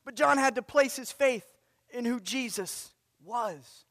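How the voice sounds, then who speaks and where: A male pastor preaches with a strikingly high voice and leans hard on a repeated refrain. His words ring out into the long reverb of a large church sanctuary. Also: slow pace, fairly bright tone, studio quality. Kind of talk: sermon.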